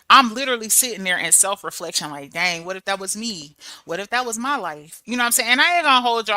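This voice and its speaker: A woman in her thirties chatting casually to her viewers, telling stories in a lively, animated way. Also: a little high, dry recording. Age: 30s. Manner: chatty, storytelling, animated with laughs and quoted voices. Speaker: channel host. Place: abroad in Germany.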